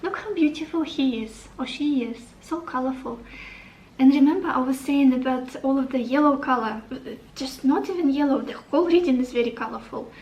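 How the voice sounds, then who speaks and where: A woman's voice: high-pitched, a little fast, a little mellow, echoey room, distant mic, low-quality recording. A woman giving a tarot reading to the camera, upbeat and encouraging, thinking aloud as she turns over cards. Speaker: tarot reader.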